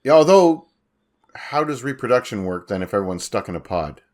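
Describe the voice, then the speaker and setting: A man's voice: mid-range voice, big pitch swings, a little fast, darkish tone. A man with a Canadian accent co-hosting a movie podcast, chatting casually, asking questions and riffing with loose swearing. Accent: Canadian English. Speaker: podcast co-host. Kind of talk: casual chat about a movie.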